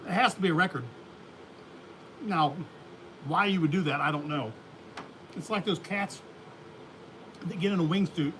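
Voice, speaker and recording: A man's voice: high-pitched, moderate pace, long pauses, a bit bright, slight background noise. A man hosting a beekeeping livestream, chatting casually in a folksy, rambling way and laughing often. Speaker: beekeeping channel host.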